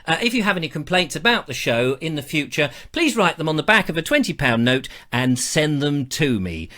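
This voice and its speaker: A man's voice: a little high, big pitch swings, a little fast, pushed and bright. A man hosting a live show in a chatty, jokey, self-mocking way. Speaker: host.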